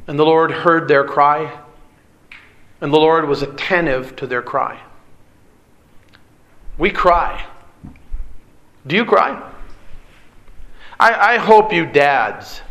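A man's voice: a little high, fairly bright tone. A middle-aged man preaching a sermon, earnest and direct, asking the congregation rhetorical questions. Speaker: pastor.

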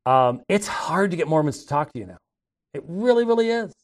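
A man's voice: a little high, big pitch swings, a little fast. Middle-aged man telling rambling stories. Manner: rambling and conversational, with frequent restarts. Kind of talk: casual anecdotal storytelling.

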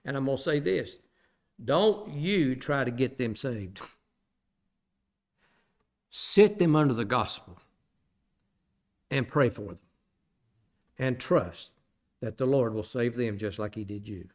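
A man's voice: expressive, slow, pauses often. Man preaching with emphatic repetitions. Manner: plain-spoken, repeats phrases for emphasis, asks the listeners rhetorical questions; swings between loud emphatic bursts and quiet low asides. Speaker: pastor teaching a Bible study. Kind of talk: sermon.

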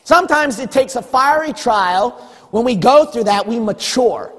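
Preacher guy pounding out a sermon w rhetorical questions, raspy, lots of church echo. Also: extremely high pitch, animated, normal speed. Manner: emphatic preaching with rhetorical questions and acted-out quotes. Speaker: pastor.

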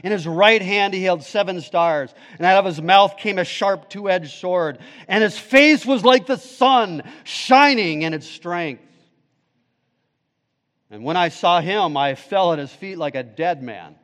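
A male pastor preaching a sermon, with dramatic swings from booming declarations to hushed, low phrases. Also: measured pace. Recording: long reverb of a large hall.

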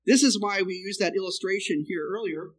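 A man preaching a sermon who explains the Hebrew text and keeps checking in with "okay?", his loudness rising and falling. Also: sits high, a little fast, husky, low-quality recording.

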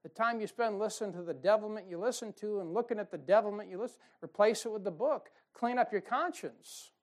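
A man preaching a folksy, emphatic sermon, with sudden loud bursts and mocking quotes. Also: high voice, a little fast. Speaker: pastor. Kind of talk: fiery sermon.

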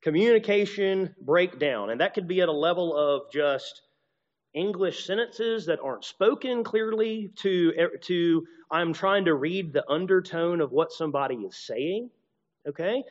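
Male speaker, slightly high voice, conversational teaching tone, long hall reverb, muffled lo-fi recording. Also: lively intonation, measured pace. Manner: conversational, acts out little dialogues, many restarts. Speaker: preacher or teacher. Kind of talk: teaching talk to a group.

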